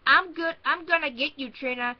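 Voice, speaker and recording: A woman's voice: high voice, normal speed, pitched above the performer's own voice, close to an everyday voice. Menacing ventriloquist dummy read by a woman, growled taunts, muffled lo-fi sound. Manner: threatening growl.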